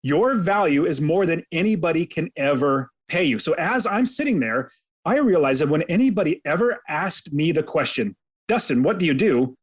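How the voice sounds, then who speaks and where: A man with a fairly high voice tells a personal story as a podcast guest. He is earnest and dramatic, and he pulls the listener along by recounting events in the present tense. His telling carries a sincere, faith-minded tone. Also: expressive, normal speed. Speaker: podcast guest, real estate investor.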